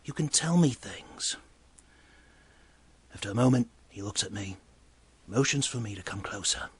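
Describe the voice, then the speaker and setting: A man voicing a chatty male bartender, telling a bar story in a breathy voice. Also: lowish voice, lively intonation, moderate pace. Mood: gossipy storytelling. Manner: exclaims loudly, then drops to hushed asides. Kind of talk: comedic character monologue.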